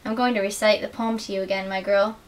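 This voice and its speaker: A young adult woman giving an earnest, measured dramatic reading of literary excerpts as a student reader. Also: medium pitch, level tone. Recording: distant mic with faint hiss.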